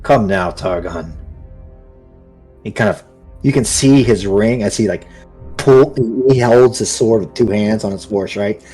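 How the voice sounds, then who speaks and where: A man narrating as the game master of a tabletop fantasy game, describing the action in an animated way. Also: fairly low pitch, moderate pace, soft background music.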